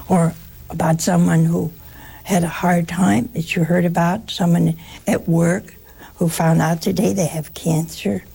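Gravelly-voiced American woman, chatty storyteller. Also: lowish voice. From United States. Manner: storytelling, chatty, animated asides. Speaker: nun giving a talk. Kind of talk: casual spoken talk to an audience.

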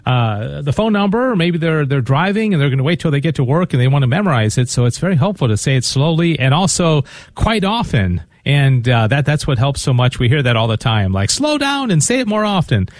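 A man's voice: mid-range voice, lively intonation, a little fast, dry recording. A man hosting a radio fundraiser, talking casually and stumbling over repeated words as he makes his appeal. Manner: talkative, repeats words often. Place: radio studio.

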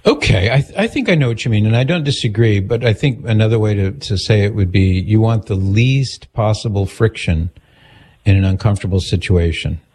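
A man's voice: fairly low pitch, fairly quick, a little mellow, husky. A man hosting an advice call-in talk, direct and earnest, acting out the questions he suggests. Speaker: radio host giving advice.

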